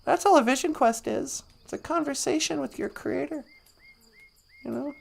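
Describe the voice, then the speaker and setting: A woman voicing a modest, easygoing male eagle who speaks plainly and calmly. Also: high voice, moderate pace, creaky.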